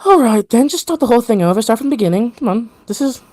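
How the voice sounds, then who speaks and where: A woman's voice: a little high, lively intonation, fast, darkish tone, no room sound, studio quality, voice pushed up. A woman putting on a bossy old seer woman. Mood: exasperated. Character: bossy elder woman seer, one of three.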